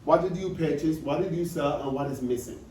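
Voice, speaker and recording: A man lecturing on accounting with a slightly high voice, asking again and again whether it makes sense. He is picked up from some distance in a roomy, echoing space, with a faint hiss behind him. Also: a little fast, warm tone. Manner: repetitive, checks understanding with questions. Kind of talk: classroom lecture. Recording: echoey room, distant mic, faint noise.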